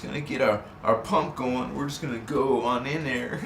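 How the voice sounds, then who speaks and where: A man's voice: medium pitch, normal speed, hardly any pauses, a bit bright. A man hosting a casual live stream, playful and laughing often as he greets viewers in the chat. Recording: echoey, distant mic, faint background noise.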